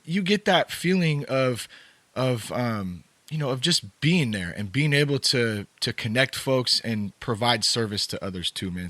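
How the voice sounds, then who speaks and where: A man's voice: medium pitch, fairly bright tone, no echo. A man hosting a podcast in casual chat, upbeat, laughing often and calling his guest "man" and "bro". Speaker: podcast host.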